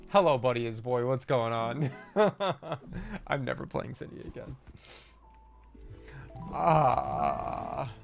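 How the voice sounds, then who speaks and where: A man's voice: mid-range voice, vocal fry. A man livestreaming himself playing a game, casually commenting, groaning and swearing at his own mistakes.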